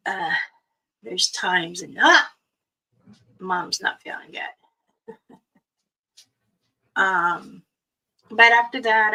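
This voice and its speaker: A middle-aged woman hosts a livestream and spins stories in a relaxed, unhurried chat, acting out the voices of the people in them with a laugh never far away. Her tone is bright and sharp, and she sits back from the mic, so she sounds a little distant. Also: mid-range voice. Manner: animated, acts out quoted dialogue, laughs often. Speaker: livestream host. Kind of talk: casual storytelling chat.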